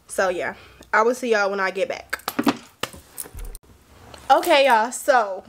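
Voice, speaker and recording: A young woman chatting excitedly to her vlog viewers, a little tipsy and talkative. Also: medium pitch, slow pace, background noise. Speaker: vlogger. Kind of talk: casual chat to camera.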